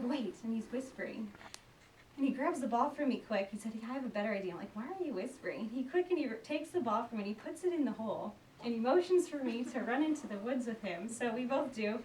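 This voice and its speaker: A young woman telling a personal story out loud in a chatty, animated way, acting out the people she quotes. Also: a little high. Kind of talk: personal story told aloud. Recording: roomy, distant mic, faint background noise.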